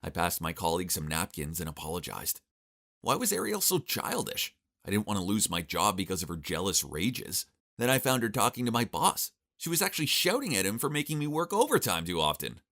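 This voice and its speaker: A young man narrates his own animated story in a wry, exasperated tone. His voice sits on the low side but swoops widely as he tells it, punctuated by groans and asides. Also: fairly quick, few pauses. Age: young adult. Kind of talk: scripted first-person story narration.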